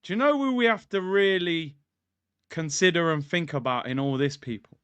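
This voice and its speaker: A man's voice: on the high side, moderate pace, fairly bright tone, smooth, no room sound, lo-fi sound. A man hosting a casual football livestream, hyped, slangy and jokey. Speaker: football channel host. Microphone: streaming mic.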